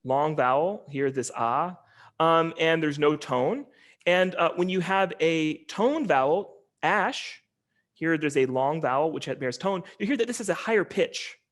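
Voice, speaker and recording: A man's voice: on the high side, lively intonation, unhurried. A man, a linguistics professor, giving an online lecture in an explanatory way, with frequent ums and restarts as he walks through slides.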